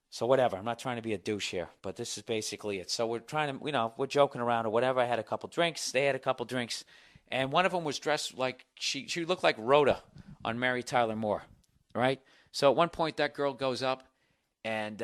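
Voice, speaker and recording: A man hosting a podcast, telling a story in a comedic monologue, profane and animated as he rants. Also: medium pitch. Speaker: podcast host.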